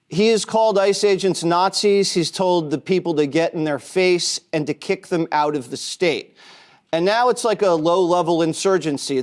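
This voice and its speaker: Man, TV news commentator, blunt, declarative, slightly high voice.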